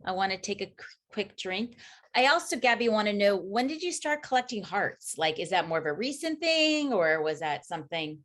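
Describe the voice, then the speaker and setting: A woman's voice: mid-range voice, very animated, moderate pace, a bit bright. A woman hosting a casual video call, chatty and loose with her words. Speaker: host.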